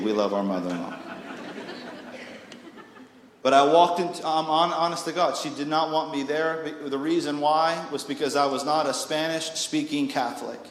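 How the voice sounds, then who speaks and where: A young man preaches a sermon, his fairly high voice animated as he tells stories and acts out little voices. The sound is roomy, with a long reverb trailing each phrase. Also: a little hiss or hum. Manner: animated, jokey storytelling with acted-out voices, rising to near shouts. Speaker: pastor. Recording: echoey hall with long reverb.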